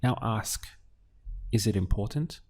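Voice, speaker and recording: A man teaching useful phrases in a slow, clear lesson, giving prompts and then the model answers. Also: on the low side, a little mellow. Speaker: language teacher. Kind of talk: audio language lesson.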